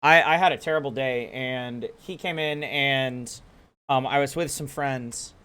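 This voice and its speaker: A young man co-hosting a podcast, speaking earnestly and haltingly about a hard day. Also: mid-range voice, bright, forceful tone, clean tone. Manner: earnest, halting with many fillers and restarts. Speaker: podcast co-host. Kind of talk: casual chat.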